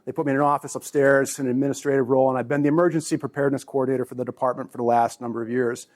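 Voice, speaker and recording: A man's voice: medium pitch, little pitch movement, very fast, darkish tone. A man in his forties, a conference presenter, speaking casually and jokingly to a live audience in a meeting room. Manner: chatty, joking, with restarts.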